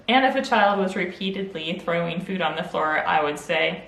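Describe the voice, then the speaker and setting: A woman speaking as a Montessori teacher, explaining to parents in a gentle, clear and patient way. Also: lowish voice, moderate pace, few pauses, reverberant, slight background noise, low-quality recording. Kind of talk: friendly instructional talk to parents.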